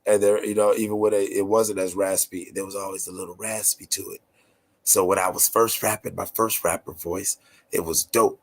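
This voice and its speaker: A man from North Carolina with a raspy, nasal voice, chatting casually as a podcast host in a laid-back, rambling, slangy way. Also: fairly low pitch, fairly even intonation, moderate pace. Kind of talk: casual chat.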